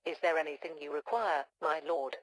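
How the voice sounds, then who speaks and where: A synthetic woman's text-to-speech voice giving chatbot replies in a flat, machine-like delivery. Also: sits low, fairly quick, poor audio. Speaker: chatbot avatar voice.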